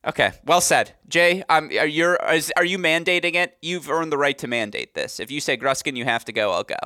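A young man in his twenties co-hosting a podcast, chatting casually in an animated, rambling, jokey way. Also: on the high side, a little fast, smooth, dry recording, clean studio sound. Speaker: podcast co-host.

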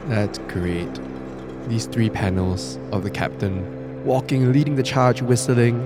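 A medium-pitched man co-hosts a podcast, chatting casually while reading a comic aloud and reacting to it playfully. He's animated and quick to laugh, with music playing in the background.

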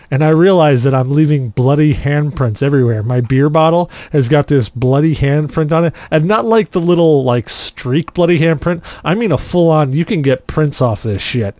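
A man co-hosting a podcast, telling a story in a casual, animated way and acting out the quotes. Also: fairly high pitch, moderate pace, hardly any pauses, dry recording. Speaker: podcast co-host.

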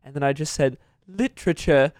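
A man's voice: a little high, normal speed, clean tone, dry recording, studio quality. A young man on a podcast, rambling through a story and laughing at it as he goes. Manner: rambling, laughs at his own stories. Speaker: podcast co-host. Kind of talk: casual storytelling.

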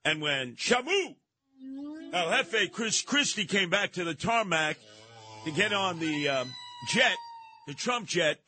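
Brash, high-pitched radio host man. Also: expressive, slow pace, long pauses. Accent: New York. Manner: brash, mocking, shouts often. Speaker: radio talk show host. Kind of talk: talk radio monologue.

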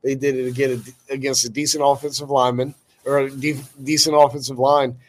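A man breaks down a college football game on a podcast, pausing and filling gaps with "uh" and "you know" while he builds each point. His voice sits at an ordinary mid pitch. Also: level tone. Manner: halting, filler-heavy. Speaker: podcast co-host. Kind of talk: casual sports analysis.

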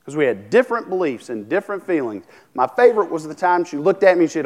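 A man's voice: fairly high pitch, big pitch swings, fast talker, few pauses, a little mellow. Man preaching a conversational sermon. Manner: conversational preaching, asks the congregation questions, many restarts. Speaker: pastor.

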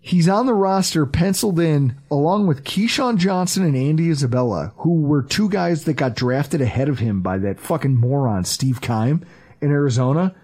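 Host pria, suara agak tinggi dan serak, obrolan olahraga yang hidup dan kasar. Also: male voice, a little high, moderate pace. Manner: animated, profane, acts out quotes. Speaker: podcast host. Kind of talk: casual sports podcast chat.

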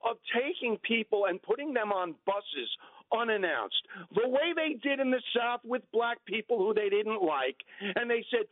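Man, radio caller, argumentative, repeats himself, high voice, tinny phone line. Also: animated, moderate pace, no echo. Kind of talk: call-in radio talk.

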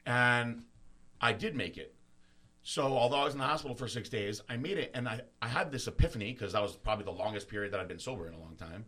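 A man hosting a podcast, talking in a candid, halting, openly emotional way and swearing casually. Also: mid-range voice, bright, forceful tone. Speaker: podcast host.

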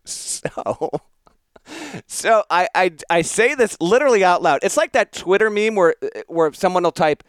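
A man telling a story on a podcast in a rambling, self-mocking way. His voice is smooth and a little high, recorded close and dry. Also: unhurried, no echo. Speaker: podcast host. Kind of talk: casual storytelling chat.

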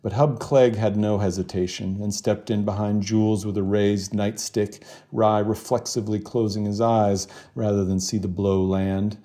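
A man, a novelist, reading from his novel in a steady, measured voice and then chatting in an interview. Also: on the low side. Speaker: novelist guest.

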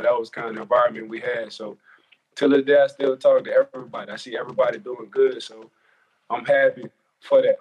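A man chats on a podcast in an even, level tone that barely rises or falls. He sounds loose and thankful, circling back to his point with frequent restarts. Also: mid-range voice, husky, poor audio. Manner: relaxed, grateful, rambling with restarts. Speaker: former player, guest. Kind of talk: casual podcast chat.

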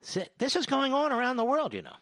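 High-pitched sarcastic man ranting. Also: wildly swooping pitch, fast talker, a bit bright, dry recording. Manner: sarcastic, rattles off long lists. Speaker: commentator. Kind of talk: ranting grocery-store monologue.

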